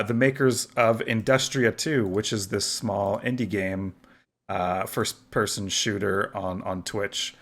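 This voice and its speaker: A man hosting a casual gaming podcast, easygoing, moving the talk along with curious questions. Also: fairly low pitch. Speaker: podcast host.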